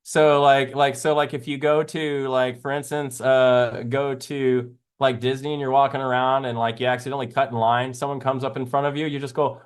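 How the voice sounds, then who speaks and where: A man hosting a live stream talks loosely and jokily, wandering from point to point and breaking into laughter. His voice sits at an ordinary middle pitch, and his delivery is relaxed and chatty. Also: moderate pace, hardly any pauses, smooth. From American South. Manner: rambling, jokey, laughs often. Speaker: live trading show host. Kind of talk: casual chat on a live stream.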